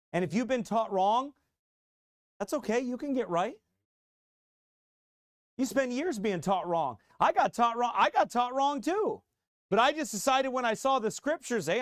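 A middle-aged man, a pastor preaching a fiery, combative sermon that rises to shouts. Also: sits high, dry recording, clean studio sound. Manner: combative, mocking, repeats phrases, rising to shouts.

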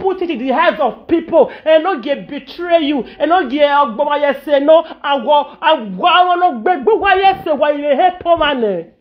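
A woman's voice: high-pitched, expressive, normal speed, dull audio. A woman with a Nigerian accent giving an emotional monologue to camera, pleading and ranting, slipping into chanted lines in a local language. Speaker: social media personality.

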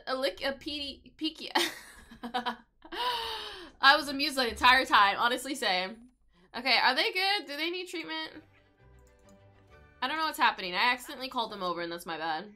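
A woman's voice: high-pitched, sharp tone. A young woman giving casual, chatty commentary while playing a life-simulation game, often talking to the pets on screen. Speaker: gaming video creator.

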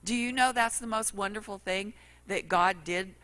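Bright-voiced woman preaching. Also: medium pitch, moderate pace. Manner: folksy storytelling, acts out quotes. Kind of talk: sermon.

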